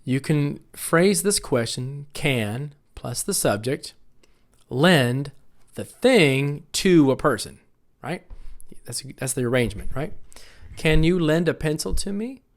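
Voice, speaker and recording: American guy teaching esl grammar, slightly high voice, patient and repetitive. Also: lively intonation, slow. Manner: patient, repeats phrases for students to echo. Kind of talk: classroom grammar lesson.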